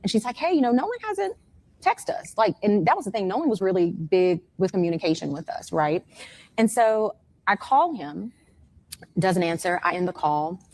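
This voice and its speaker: A mother in her forties recounts her son's disappearance to an interviewer. Her voice sits on the low side. She tells it in a lively, emotional way and slips into the voices of the people she talked to. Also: normal speed. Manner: animated storytelling that acts out the other people's words. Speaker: mother of a missing young man, interviewee. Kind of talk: emotional first-hand account in an interview.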